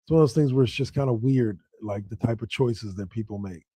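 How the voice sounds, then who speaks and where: A man hosting a sports podcast with a dark, mellow voice, talking loosely and excitedly. He rambles, restarts his sentences and jumps up in pitch when something surprises him. The sound is close and dry. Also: fairly quick, breathy edge, no room sound. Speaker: podcast host. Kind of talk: casual sports podcast talk.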